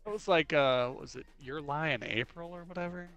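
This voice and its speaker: With a fairly high pitch and a slightly quick pace, this twenty-something streamer rambles through his stories, leaning heavily on "like." He animatedly acts out quotes as he chats on his livestream, while soft music plays behind him.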